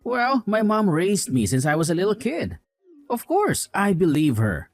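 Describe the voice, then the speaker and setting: A man's voice: high-pitched, wildly swooping pitch, unhurried, no echo, soft background music, heavily acted. A man playing a scornful, mother-obsessed husband. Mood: scolding. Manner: scolding, contemptuous. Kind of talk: voiced drama story.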